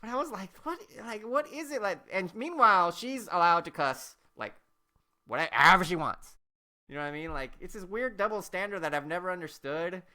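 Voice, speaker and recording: A man's voice: high voice, animated, fairly quick, sharp tone. A man in his forties, a podcast host, telling stories in casual chat in a rambling way with many fillers. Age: 40s.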